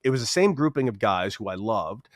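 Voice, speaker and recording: A man in his thirties, a podcast guest telling a story in a casual, animated way, acting out quotes with sudden jumps in voice. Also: brisk, no echo, studio quality. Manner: animated, acts out quotes with big pitch jumps. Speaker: podcast guest, former baseball player.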